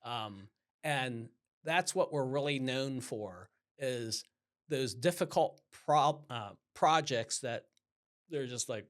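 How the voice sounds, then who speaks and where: A man's voice: mid-range voice, normal speed. A man who owns a roofing company, talking casually as a guest in an interview and acting out the customers he quotes. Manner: animated, acts out customer dialogue in quotes.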